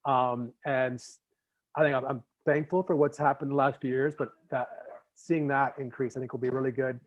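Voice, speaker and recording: A man's voice: mid-range voice, level tone, moderate pace. A man from Canada hosting a podcast interview in casual chat, rambling with many fillers and restarts. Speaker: podcast host. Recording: slightly muffled lo-fi audio.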